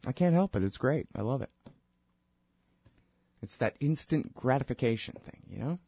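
A man's voice: mid-range voice, expressive, moderate pace, gravelly, dark tone, slightly rough, no room sound. A man hosting his own radio show, rambling informally and wryly between plugs. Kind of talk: casual monologue with plugs.

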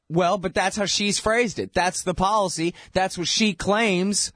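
A man's voice: high voice, fairly even intonation, measured pace, fairly bright tone, no echo, clean studio sound. A man hosting a political talk show, delivering a sarcastic, heated commentary monologue.

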